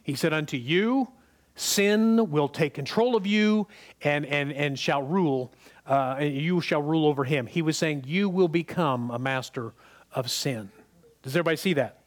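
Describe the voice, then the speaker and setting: A preacher with a high-pitched male voice delivers a sermon in an easy, conversational manner. He keeps asking the congregation whether they follow him and repeats words when he wants to stress a point. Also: moderate pace.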